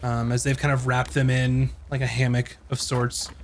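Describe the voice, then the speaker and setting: A man's voice: medium pitch, little pitch movement, normal speed, a little hiss or hum. A man running a tabletop game, narrating loosely and playing characters with a joking manner. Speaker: game master.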